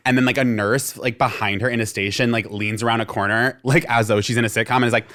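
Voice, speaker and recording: A young man from Vermont, co-hosting a podcast, tells a story in a casual, animated way and acts out the people in it. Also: mid-range voice, fast. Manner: animated storyteller acting out quoted voices, lots of "like". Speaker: podcast co-host.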